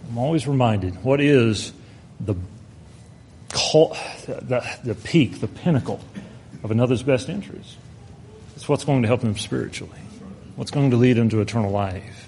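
A man preaching a sermon, earnest, slowing down to stress his points and reading scripture aloud. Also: mid-range voice, gravelly, mellow, slight background noise.

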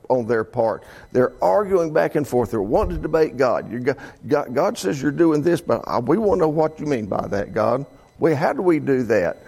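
A male Bible teacher talks through scripture with his class, restarting his sentences as he goes. His voice is gravelly and swings widely in pitch. He sits a little higher than most men. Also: darkish tone. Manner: conversational, with frequent restarts.

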